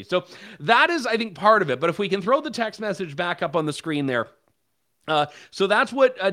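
A man giving sarcastic, animated political commentary. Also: sits high. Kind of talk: opinion commentary.

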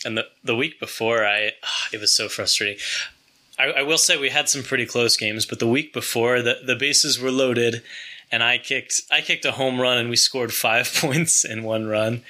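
An easygoing young man hosts a casual podcast with a very bright, tense edge to his voice. He often restarts a sentence with small stammers and sounds relaxed as he chats about his week. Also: medium pitch, normal speed. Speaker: podcast host. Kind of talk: casual chat.

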